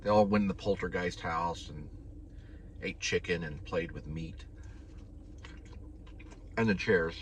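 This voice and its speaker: A man's voice: sits low, unhurried, long pauses. A man who drives food deliveries, rambling casually and talking while he chews, from a parked car. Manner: rambling, talks while chewing. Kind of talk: casual eating vlog. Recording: distant, noisy car recording.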